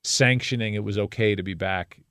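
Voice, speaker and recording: A middle-aged man with a smooth, resonant, fairly low voice tells a personal story as a guest. He is reflective and candid, with a wry edge, in a dry, close sound. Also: a little fast, a bit bright, no room sound.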